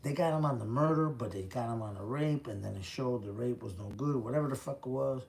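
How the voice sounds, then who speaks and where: A man's voice: mid-range voice, fast, gravelly, a little mellow. A man in his fifties from the Chicago area, telling his own prison story in a blunt, profane, street-talk way. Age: 50s. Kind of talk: casual storytelling.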